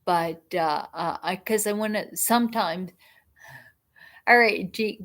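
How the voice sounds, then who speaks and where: A middle-aged woman hosting a casual livestream chat, talking in a halting way with many restarts and asides. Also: fairly low pitch. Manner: slow, halting, frequent restarts and self-talk. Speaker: livestream host.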